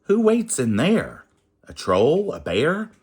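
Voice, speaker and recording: A man's voice: lowish voice, very animated, measured pace, a bit bright, breathy edge, heavily acted. A man voicing a prim, snooty young prince in a read-aloud picture book, haughty in tone.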